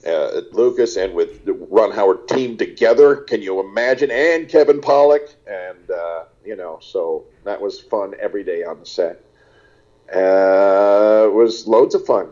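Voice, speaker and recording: A man's voice: lowish voice, measured pace, lo-fi sound. An older man, an actor, chatting casually in an interview and rambling through stories with lots of "uh"s. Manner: rambling, animated storytelling with lots of "uh". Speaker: actor guest.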